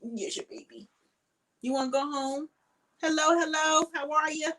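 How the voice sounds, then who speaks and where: A tired woman hosts a casual live stream with a bright, forward tone. Her pitch sits a little high. She rambles in a chatty way and greets viewers by name. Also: moderate pace, rough recording. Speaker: crochet live stream host.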